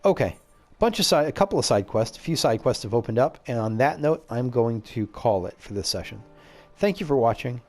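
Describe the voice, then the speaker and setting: A man's voice: mid-range voice, lively intonation, fairly quick, a little mellow, soft background music. A man hosting a casual let's play, reading game dialogue aloud and tossing in jokey, profane asides. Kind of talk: casual gameplay commentary.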